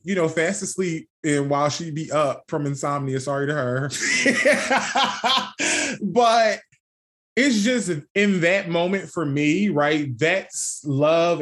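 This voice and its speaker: Young male podcast co-host, candid storyteller, slightly high voice, swears, laughs often. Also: fairly bright tone. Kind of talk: casual chat.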